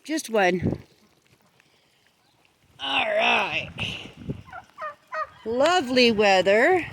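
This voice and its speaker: Her voice sits a little high, bright and husky, and she speaks expressively but extremely slowly. Outdoors in a rainy farmyard with pens, this woman films her poultry for a casual vlog, talking to the animals in a sing-song voice and cooing at them.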